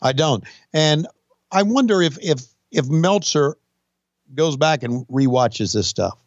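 A man's voice: on the high side, expressive, takes it slowly, no echo, muffled recording. A man in his sixties co-hosting a podcast, talking bluntly and profanely with dry jokes. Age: 60s. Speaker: podcast co-host, former wrestling figure. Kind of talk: casual podcast banter.

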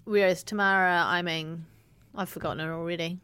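A woman with a New Zealand accent co-hosting a podcast in casual, animated chat, often trailing off and restarting. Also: on the low side, fairly quick, clear, resonant tone, no room sound. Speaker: podcast co-host.

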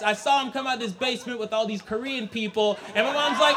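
A young man from Brooklyn, telling a comic story live on stage in an animated way, acting out family voices and laughing often. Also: very high-pitched, fast, hardly any pauses, background noise. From Brooklyn, New York.

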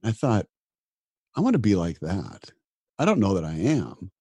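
In a reflective interview, a middle-aged man who works as a disaster physician talks earnestly at normal speed, frequently repeating words when beginning sentences. His lowish voice is mellow and slightly rough, with huge pitch swings, and the recording has no echo.

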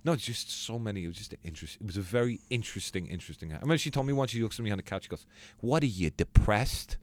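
A man's voice: on the low side, rapid-fire, dry recording. A man in casual chat, telling comic stories and laughing often. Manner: animated, laughing storyteller. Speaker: podcast co-host.

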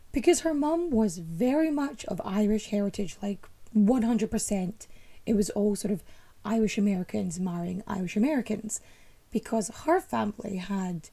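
A woman's voice: medium pitch, creaky, warm tone. A woman hosting a history storytelling show, chatting casually and tossing playful, teasing asides to her audience. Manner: emphatic, teasing humour.

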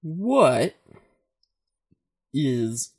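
A man's voice: mid-range voice, sing-song, husky, exaggerated voice. A man doing a drawling stoner camp instructor. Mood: spacey. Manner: drawling, slow and spacey. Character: stoned laid-back male arts instructor.

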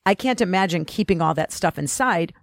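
A woman co-hosting a talk show, chatting in an animated way and often repeating words as she goes. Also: fairly low pitch, brisk, no room sound, clean studio sound. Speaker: co-host. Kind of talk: casual chat.

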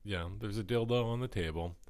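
A young man co-hosting a podcast, relaxed and casual, steering topics and wrapping up the episode. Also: fairly low pitch, fairly quick. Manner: laid-back, wraps up the show. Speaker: podcast co-host. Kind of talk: casual chat.

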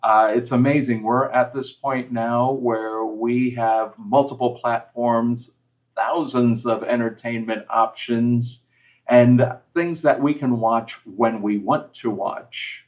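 A man's voice: medium pitch, fairly even intonation, slow, rough recording. A man giving casual commentary on a TV episode, telling personal stories in a reflective way. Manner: reflective storyteller, personal anecdotes.

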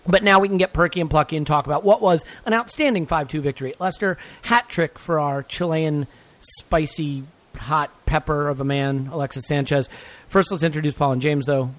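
A man co-hosts a football podcast, talking in a playful, energetic, jokey way. His voice sits fairly high for a man, and the sound is dry and close. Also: no echo. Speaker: podcast co-host. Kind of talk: casual chat.

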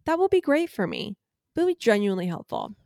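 A woman's voice: fairly high pitch, big pitch swings, fast talker, a little mellow, dry recording, studio quality. A young woman co-hosting a podcast, telling a story animatedly and acting out quoted dialogue in casual chat. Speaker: podcast co-host.

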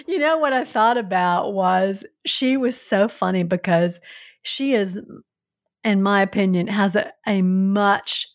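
A middle-aged woman with a Southern US accent co-hosts a casual podcast chat. Her voice sits at medium pitch and moves at a measured pace, and she speaks earnestly and from the heart.

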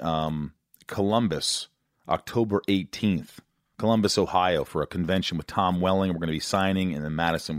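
Male podcast host, low-voiced, scattered and jokey, dry close mic. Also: no room sound. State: out of breath. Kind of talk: casual interview chat.

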